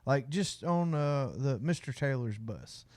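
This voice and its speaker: A man's voice: medium pitch, lively intonation, measured pace, a little mellow, no room sound. A man co-hosting a podcast, teasing and cracking jokes in casual banter. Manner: wisecracking, jumps in with jokes and teasing. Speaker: podcast co-host.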